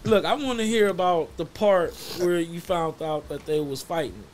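A man's voice: a little high, normal speed, slight background noise. A man in a casual podcast chat, chiming in with short comments and questions.

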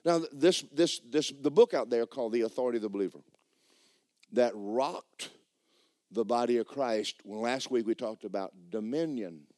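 A man preaching a sermon as pastor, swinging from shouted bursts to low, quiet lines and acting out dialogue. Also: moderate pace, no room sound, studio quality. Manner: acts out dialogue in dramatized voices. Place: church sanctuary.

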